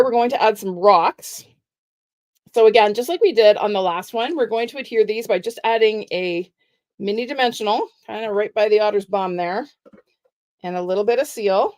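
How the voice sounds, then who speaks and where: A middle-aged woman giving a chatty, step-by-step live craft tutorial with soft asides. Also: mid-range voice, moderate pace. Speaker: card-making demonstrator.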